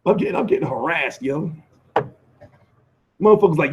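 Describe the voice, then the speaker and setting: An American man hosting a live boxing stream, answering viewer comments in a profane, animated rant with lots of restarts and repeats. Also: on the high side, normal speed, long pauses, muffled recording. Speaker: boxing commentator and channel host.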